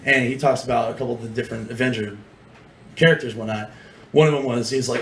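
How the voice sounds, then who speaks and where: A man's voice: mid-range voice, steady tone, quick pace, a little hiss or hum. A young man doing nervous, rambling stand-up comedy at an open mic, acting out voices in his stories. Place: small club open mic, live room. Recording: echoey room with faint ambience.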